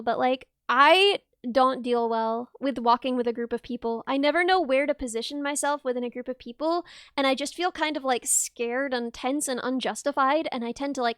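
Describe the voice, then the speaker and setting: A woman's voice: sits high, fairly bright tone, dry recording, studio quality. A young woman in her twenties, a VTuber chatting casually with viewers and answering their messages, rambling and self-deprecating with frequent giggles and restarts. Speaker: VTuber streamer.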